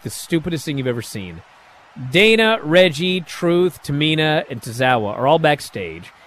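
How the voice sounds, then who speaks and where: A high-pitched man casually recaps a wrestling show, animated and sarcastic. He acts out quotes with sudden bursts of energy.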